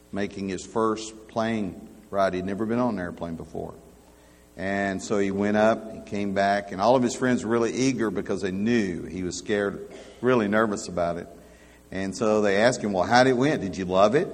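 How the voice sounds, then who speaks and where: A man preaching a sermon, telling folksy humorous stories in an animated way. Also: fairly low pitch, moderate pace. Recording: long hall reverb.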